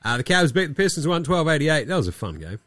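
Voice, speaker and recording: A man's voice: fairly high pitch, very animated, fast talker, fairly bright tone, no echo. A man hosting a casual sports podcast, ranting and swearing a lot while sick and coughing. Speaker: podcast host.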